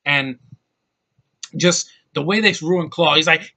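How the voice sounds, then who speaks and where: A man's voice: on the high side, slow, pauses often, bright, forceful tone, low-quality recording. A young man delivering an angry, exasperated movie rant, swearing often. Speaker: movie reviewer.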